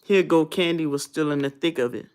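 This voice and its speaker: A woman in her thirties, a vlogger telling stories in a blunt, casual, animated way. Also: low-pitched, brisk. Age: 30s. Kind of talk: casual storytelling rant.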